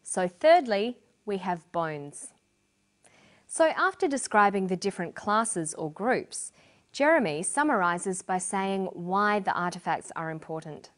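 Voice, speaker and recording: A woman narrating a scripted English lesson as a teacher, speaking clearly and deliberately. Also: mid-range voice, sing-song, a bit bright.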